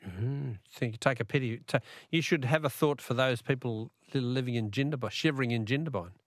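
A man's voice: mid-range voice, brisk, dry recording, clean studio sound. An Australian man hosting a talkback radio quiz, chatty and laughing often.

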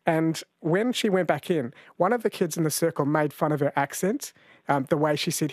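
A man's voice: on the high side, fairly quick, dry recording. A man of about forty, hosting a late-night radio talkback show in a chatty, storytelling way from a studio microphone. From New Zealand.

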